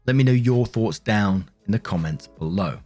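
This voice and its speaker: A man's voice: lowish voice, expressive, moderate pace, warm tone. A man reading online stories aloud and adding his own reflective, conversational commentary with frequent fillers. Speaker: narrator and commentator. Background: faint background music.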